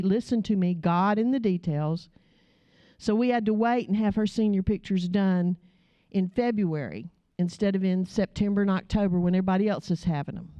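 A woman's voice: medium pitch, warm tone, no room sound, muffled recording. Woman preaching with emotion. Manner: emotional storytelling, pleading. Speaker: pastor's wife, preacher. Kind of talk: sermon.

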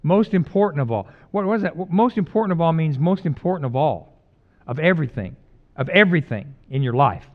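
A middle-aged male pastor preaching a conversational sermon, mixing loud emphatic lines with quiet, jokey personal stories. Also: medium pitch, phone-quality sound.

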